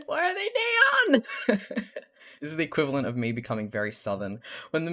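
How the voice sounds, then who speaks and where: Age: young adult. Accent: mild Australian. Role: live streamer. Delivery: loose, rambling chat with frequent laughter and some swearing, in an average pitch. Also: wildly swooping pitch, brisk, a bit bright. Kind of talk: casual chat while drawing on stream.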